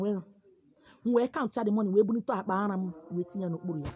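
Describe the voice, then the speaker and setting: A woman with a Nigerian accent telling a comic first-person story, dramatic and lively. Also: mid-range voice, a little fast, breathy edge, dull audio, faint music behind. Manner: dramatic, lively, code-switching.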